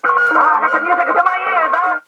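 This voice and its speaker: An actor playing a cheerful Italian plumber hero in an old advertising sign, with a put-on Italian accent and excited pitchman delivery. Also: normal speed, far from the mic, a little hiss or hum, exaggerated voice. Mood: hyped. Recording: lo-fi toy speaker over loud music. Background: loud jingle music.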